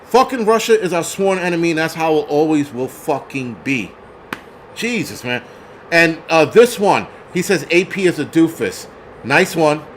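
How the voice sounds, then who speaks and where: A man's voice: on the high side, lively intonation, moderate pace, slight background noise. Profane ranting man. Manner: profane, shouting, ranting at chat. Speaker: host. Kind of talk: angry livestream rant.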